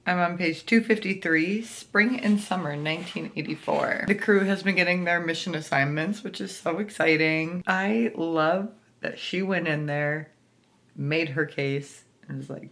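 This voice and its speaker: A woman chatting casually in a reading vlog, excitable and gushing about her book and her day. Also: low-pitched. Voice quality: excitable, gushing, quick to squeal. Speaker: book vlogger.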